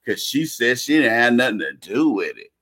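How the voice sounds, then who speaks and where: A man's voice: medium pitch, big pitch swings, normal speed, bright, forceful tone, breathy edge. A man delivering a casual monologue rant, blunt and slangy, repeating himself and restarting phrases.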